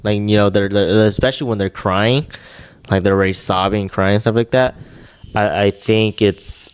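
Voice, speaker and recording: A man's voice: on the low side, fairly even intonation, moderate pace, clear, resonant tone, no room sound. A young man co-hosting a podcast, chatting casually and rambling with lots of fillers and restarts. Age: young adult. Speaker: podcast co-host. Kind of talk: casual chat.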